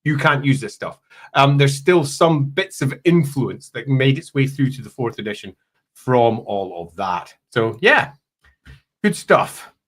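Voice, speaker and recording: A man hosting a casual chat about tabletop games, animated and rambling, laughing often. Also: mid-range voice, a little slow. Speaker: host and game producer.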